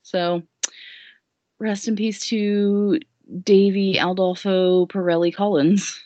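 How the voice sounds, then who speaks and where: A woman's voice: medium pitch, flat delivery, slow pace, warm tone, no room sound. A woman recapping a story in a casual podcast chat, rambling and jokey with lots of fillers, in a dull lo-fi recording. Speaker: guest recapping a musical.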